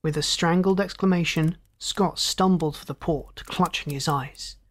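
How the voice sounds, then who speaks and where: A man narrates a science fiction story aloud as an audiobook reader, keeping a steady, measured delivery and raising his pitch when voicing characters.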